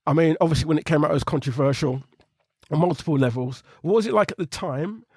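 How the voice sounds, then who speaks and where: Fast-talking host, higher voice, playful and teasing, dry close mic. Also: male voice, darkish tone, slightly rough, no room sound. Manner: playful, teasing, lots of quick agreeing. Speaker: podcast host. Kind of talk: casual chat.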